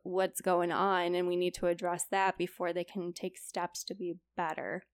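In a studio-quality, dry recording, a young woman with a lowish, clean voice speaks at normal speed with a completely flat delivery. Co-hosting a podcast, she presents a report as casual chat, retelling stories through quoted dialogue full of "like" fillers.

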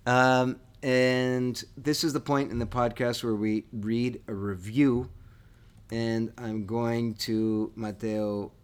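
A man's voice: medium pitch, little pitch movement, slow, clean tone. A man co-hosting a history podcast in casual chat, enthusiastic and eager as he wraps up the episode. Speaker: podcast co-host.

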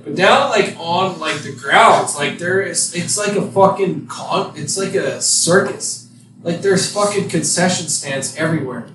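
A man with a somewhat high voice chats and tells a story among friends, swearing and cracking jokes. He sounds distant from the mic in an echoey room, with clear room noise behind him. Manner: chatty, profane, quick to add jokes. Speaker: podcast co-host.

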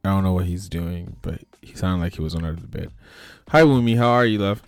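A man hosting a casual online chat show on a video call, lively and joking, laughing often and trailing off into fillers. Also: low-pitched, a little fast, smooth, dry recording, studio quality, soft background music. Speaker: podcast host.

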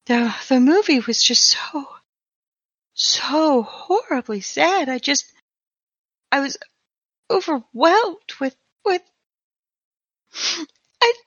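A man's voice: extremely high pitch, pushed and bright, dry recording, lo-fi sound, heavily acted. A woman voicing a distraught, devout man who stammers and halts through tears. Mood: tearful. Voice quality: shaky, halting, stammering.

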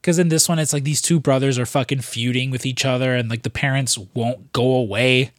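A young man tells loose, profane stories on a podcast, breaking into quick imitations of other people. His voice sits at an ordinary middle pitch, and the sound is close and dry with no room echo. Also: steady tone. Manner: rambling, profane, jokey storytelling with put-on quotes. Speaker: podcast co-host. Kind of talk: casual podcast chat.

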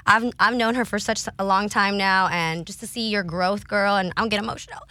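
A woman guest chats on a cannabis radio show with a bright, crisp voice. She giggles often and gushes about the host. Her voice is close and dry, with no room around it. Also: mid-range voice, brisk, dry recording. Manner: giggly, gushing, excitable. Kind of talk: casual radio show chat.

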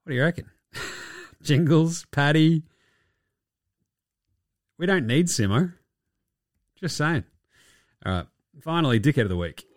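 A man's voice: a little high, very animated, moderate pace, long pauses, no echo. Young Australian male host for casual sports chat: blunt, laid-back, heavy on the swearing, bone-dry close-mic sound. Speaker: podcast host.

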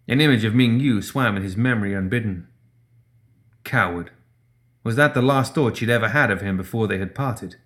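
A man narrates a story with a steady, measured delivery. His voice sits a bit lower than most. He reads each line at an even, composed pace. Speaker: audiobook narrator.

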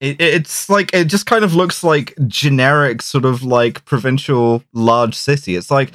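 A man co-hosting a casual podcast about a film, talking in an animated, sweary way with frequent restarts and laughs. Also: medium pitch, normal speed, no room sound, clean studio sound. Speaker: podcast co-host.

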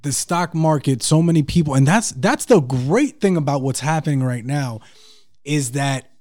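A man's voice: on the high side, animated, normal speed, a little mellow. A man co-hosting a podcast in casual chat, earnest, restarting his sentences while he builds an argument. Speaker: podcast co-host.

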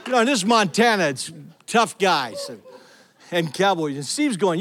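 A man's voice: fairly high pitch, slow, pauses often. A middle-aged male pastor preaching a sermon, telling stories with energy and calling out to the congregation. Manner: energetic storytelling, calls out to the congregation.

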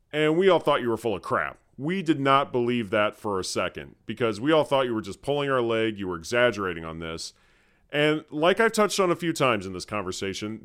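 A man's voice: mid-range voice, fairly bright tone, smooth. A man in his forties hosting an interview, telling stories in a conversational way. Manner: storytelling, conversational. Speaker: host. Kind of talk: podcast interview.

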